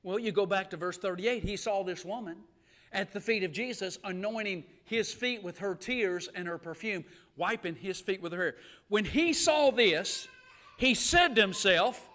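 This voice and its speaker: Preacher, middle-aged man, very high bright voice, emphatic storytelling sermon style. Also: expressive, moderate pace. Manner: storytelling, emphatic, call-and-response. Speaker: guest preacher. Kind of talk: live sermon. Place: church sanctuary.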